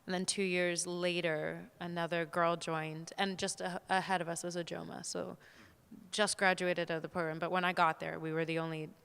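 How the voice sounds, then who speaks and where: Young woman actor, low-set, bright, crisp voice; frank, self-mocking panel storyteller; long hall reverb. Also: moderate pace. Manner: lively, frank, self-deprecating. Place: theater hall at a live talk.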